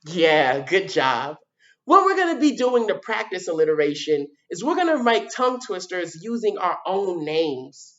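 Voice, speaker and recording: Female teacher, lively pitch, sounds out letters for kids, dull lo-fi video audio. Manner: animated, sounds out letters, repeats words slowly for children. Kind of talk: children's lesson on video.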